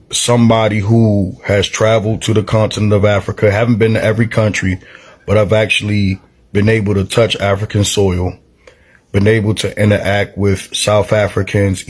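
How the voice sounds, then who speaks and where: A man giving reflective vlog commentary, measured and reasoning, with pauses and fillers. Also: fairly low pitch.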